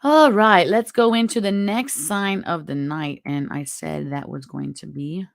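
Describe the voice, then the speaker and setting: Host of a live tarot stream: gravelly, close and dry, throat worn out, chatty and encouraging. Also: mid-range voice, steady tone, a little slow, no room sound. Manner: chatty, encouraging, spiritual advice. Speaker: tarot reader and show host.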